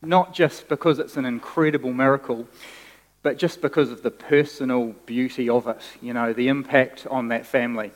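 A man preaching a sermon as pastor, animated and conversational, often restarting his phrases. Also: medium pitch, moderate pace, big-room sound.

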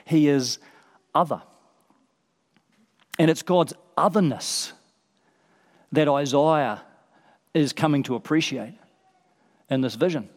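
Guy preaching, kinda high voice, big echoey hall, hammers the same phrase over and over. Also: expressive, a little slow, long pauses. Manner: emphatic, repeats phrases for effect. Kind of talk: sermon. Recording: long reverb of a large hall.

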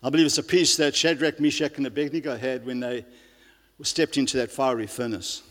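A man's voice: mid-range voice, steady tone, fairly quick. A male pastor giving an earnest sermon, often restarting his sentences and using fillers. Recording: long reverb of a large hall.

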